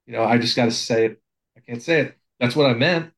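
A man's voice: mid-range voice, fairly quick, long pauses, poor audio. A man who is a volunteer assistant fire chief, talking in a casual, plainspoken and humble way with frequent restarts. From Pennsylvania, USA. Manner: plainspoken, self-deprecating, many restarts. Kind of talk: casual podcast conversation.

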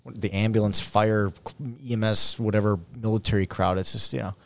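A middle-aged man chatting casually as a podcast guest, an animated storyteller who jokes and swears. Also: fairly low pitch, a little fast, vocal fry, a little hiss or hum. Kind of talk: casual chat.

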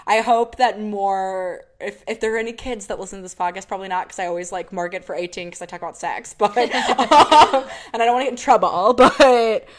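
A woman's voice: medium pitch, steady tone, a little fast, hardly any pauses. A young woman co-hosting a podcast in casual chat, giggling often and quoting characters playfully. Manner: giggly, lots of fillers, quotes characters playfully. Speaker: podcast co-host.

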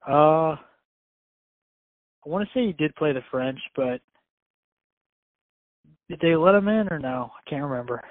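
A man's voice: fairly high pitch, animated, a little slow, pauses often, no room sound. A man co-hosting a podcast in casual chat, rambling and leaning on "I mean". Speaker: podcast co-host. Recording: dry, tinny phone-like sound.

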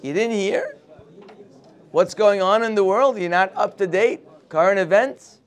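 A man's voice: sits high, unhurried, pitched above the performer's own voice. A man putting on a taunting tempter spirit. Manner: needling, mocking questions.

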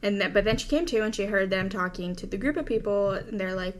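A woman's voice: medium pitch, expressive, fast, hardly any pauses, slight background noise. A woman podcast host casually retelling an alien encounter story, quoting voices and breaking into laughs.

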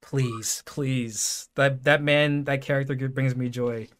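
Animated man on a casual podcast. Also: medium pitch, slow pace. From New York. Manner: animated, excitable, swears casually. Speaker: podcast host. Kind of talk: casual chat.

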